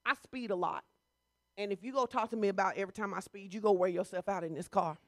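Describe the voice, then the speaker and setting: A woman's voice: medium pitch, quick pace, no room sound, clean studio sound. A woman pastor preaching a sermon in a conversational, teasing way.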